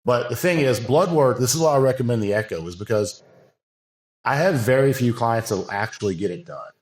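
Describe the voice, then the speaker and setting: An earnest man in a relaxed podcast chat, voice pitched at an ordinary middle height. He talks in long loose run-on sentences, often stopping to add fillers before pressing on. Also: brisk. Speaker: bodybuilding coach and podcast guest. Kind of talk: casual podcast conversation.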